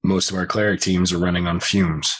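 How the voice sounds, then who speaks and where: A man's voice: deep voice, flat delivery, a little fast. A man running a tabletop game, explaining the rules casually and swearing now and then. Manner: casual, swears freely, laughs between points. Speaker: game master.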